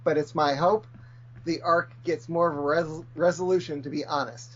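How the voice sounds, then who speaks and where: A man co-hosting a podcast, reading listener feedback aloud in a steady, measured way. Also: on the high side, slightly rough. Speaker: podcast co-host. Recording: slightly dull audio.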